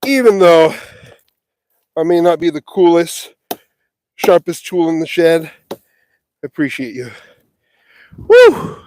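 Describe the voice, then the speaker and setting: On a windy farm, a man livestreams from the phone he carries while he works, cracking self-mocking jokes as he catches his breath, sweaty and winded. His voice is fairly high and darkish, a little slow, with frequent pauses. It's a casual live vlog with a slight hiss or hum on the recording.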